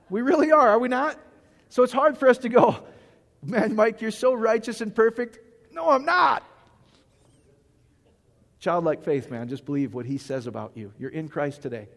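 A pastor with a very high voice preaches a loose, folksy sermon, joking and quizzing the congregation as he goes. The recording has a long reverb tail.

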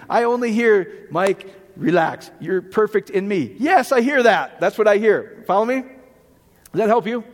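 High-voiced animated male preacher in a hall. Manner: animated, jokey, rhetorical questions. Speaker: pastor. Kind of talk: sermon.

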